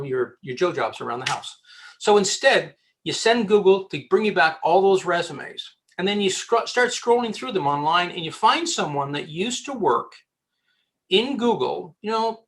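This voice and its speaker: Animated headhunter man. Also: high-pitched, moderate pace. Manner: animated and joking, with frequent restarts. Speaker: headhunter and interview guest. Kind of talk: casual advice in a podcast interview.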